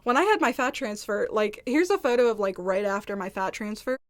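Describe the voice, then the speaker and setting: A woman's voice: mid-range voice, very animated, fairly quick. A woman telling a candid storytime to camera in casual chat, rambling and peppered with "like". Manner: candid, rambling, heavy use of "like". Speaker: vlogger. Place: indoors, seated at home.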